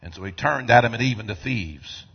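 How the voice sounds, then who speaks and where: A man preaching a sermon in a church, swinging from quiet asides to shouted lines in a call-and-response style. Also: medium pitch, expressive, fairly quick, gravelly, breathy edge, muffled recording. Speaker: pastor. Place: church sanctuary.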